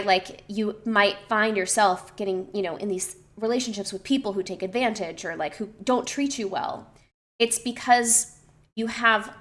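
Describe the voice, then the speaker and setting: Woman streamer, young adult, casual chat to her viewers, thoughtful, full of ums and restarts; middle pitch. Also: pushed and bright. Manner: reflective, with many fillers and restarts. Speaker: streamer and personal trainer.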